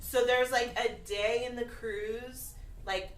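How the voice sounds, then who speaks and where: A woman's voice: a little high, steady tone, slow. A female comedian telling a blunt, exasperated story on stage. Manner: blunt, exasperated, bursts of laughter. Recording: echoey club from far off, noisy.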